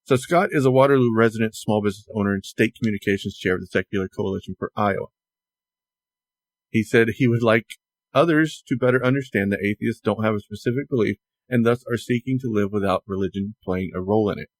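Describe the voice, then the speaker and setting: A man co-hosting a casual podcast, chatting and relaying news with halting restarts. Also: lowish voice, no room sound. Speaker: podcast co-host.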